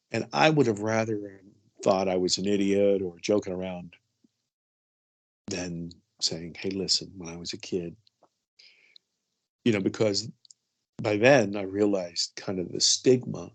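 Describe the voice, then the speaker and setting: A man's voice: lowish voice, vocal fry. A middle-aged man telling a personal story as an interview guest, chatty and full of "you know" asides.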